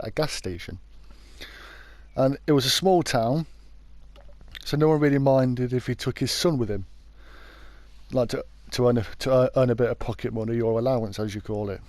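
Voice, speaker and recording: A British man narrates a true crime story in a loose, conversational way, often doubling back to fix what he just said. His voice is mellow and relaxed, and the sound is dry and close. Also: mid-range voice, no room sound. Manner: chatty, informal, often backtracks to correct himself. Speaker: YouTube true crime host.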